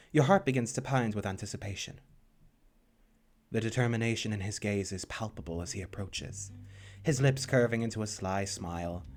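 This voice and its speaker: A man narrating a visual novel in the second person, steady with playful asides. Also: on the low side.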